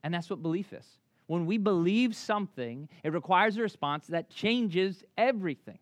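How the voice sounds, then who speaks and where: Story after story fills this conversational sermon from a high-voiced pastor in his thirties. He hails from Memphis, Tennessee, has a thick Southern accent, restarts quickly as he tells animated tales, and the audio has no room sound.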